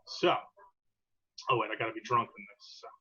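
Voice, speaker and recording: A man's voice: on the low side, fairly quick, sharp tone, a little hiss or hum. A man hosting a podcast in casual chat, joking and self-deprecating, with many ums. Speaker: podcast host. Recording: dull lo-fi sound.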